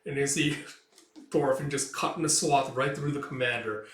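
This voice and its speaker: A man's voice: medium pitch, steady tone, moderate pace, fairly bright tone. Casual man narrating a comic. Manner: loose, filler-heavy retelling with sound effects. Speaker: comic reader. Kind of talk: casual read-through narration. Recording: roomy, distant mic.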